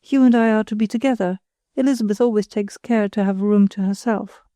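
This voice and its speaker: A woman's voice: medium pitch, steady tone, brisk, warm tone, dry recording, studio quality, lightly acted. A woman reading the part of an affected young woman with an artificially sweet, sentimental manner. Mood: petulant.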